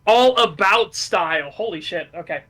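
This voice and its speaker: Excitable, swearing podcast guy with a sharp, bright voice. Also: high voice, moderate pace, faint music behind. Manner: excitable, profane, laughing often. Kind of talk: casual podcast chat.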